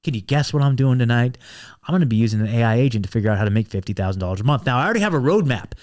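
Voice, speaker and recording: A man's voice: medium pitch, animated, rapid-fire, darkish tone. A man hosting a podcast, delivering a fired-up, profane monologue full of restarts and fillers, like an evening pep talk. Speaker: podcast host.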